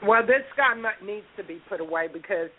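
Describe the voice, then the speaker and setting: A woman's voice: mid-range voice, expressive, a little fast, a little hiss or hum. A woman tells a story in a blunt, profane, heated way. She sounds like she is calling in, with a thin, phone-line quality to the sound. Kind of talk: casual storytelling on a podcast call.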